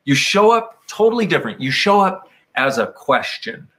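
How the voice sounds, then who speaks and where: A man's voice: fairly high pitch, big pitch swings, normal speed, fairly bright tone. A man talking casually and reflectively, meandering through his points. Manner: meandering, reflective, slips into playful quoted voices. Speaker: speaker on personal growth. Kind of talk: casual conversational talk.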